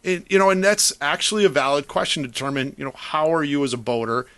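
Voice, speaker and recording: Bright-voiced chatty man, Chicago accent. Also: on the high side, fast talker, clean tone. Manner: chatty, rambling explanations with many restarts. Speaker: yacht broker guest. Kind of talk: casual radio talk.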